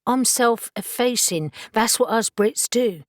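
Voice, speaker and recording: A woman's voice: on the high side, lively intonation, measured pace, no echo, clean studio sound, voice pushed up. Woman doing a wry, polite Englishman. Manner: polite, self-effacing, wry. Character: nonchalant, rumpled Englishman, wry charmer.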